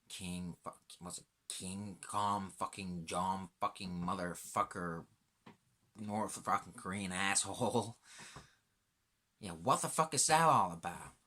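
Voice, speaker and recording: A man's voice: deep voice, slow, sharp tone. A man in a rambling, profanity-laden monologue as a laid-back self-described stoner, sometimes dropping into a whisper.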